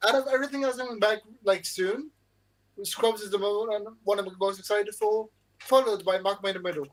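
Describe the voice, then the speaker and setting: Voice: medium pitch, fairly even intonation, a little fast, rough recording. A speaker in a casual panel chat who eagerly jumps in with new topics.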